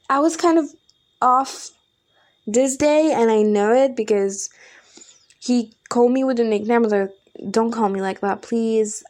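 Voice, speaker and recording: Swearing without restraint, a young podcast host shares a personal breakup story in a frank, fed-up way. She has a mid-range, slightly mellow voice.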